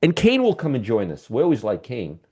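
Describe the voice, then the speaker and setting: A middle-aged man hosting a live stock market show, talking straight to viewers, joking and getting excited about the numbers. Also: mid-range voice, brisk, husky.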